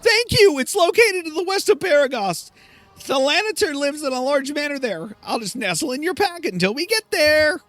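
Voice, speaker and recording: A man's voice: very high voice, expressive, normal speed, fairly bright tone, pitched above the performer's own voice. A man voicing a flustered, pompous male chicken mage, cutting his archaic speech with clucks. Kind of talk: video game voice acting.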